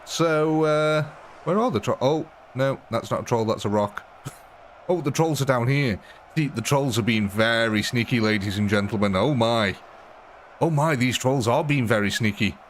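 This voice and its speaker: Excitable English man streaming a game. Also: medium pitch, normal speed, slight background noise. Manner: excitable, laughs often, addresses viewers as ladies and gentlemen. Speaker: live stream host. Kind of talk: casual live gaming commentary.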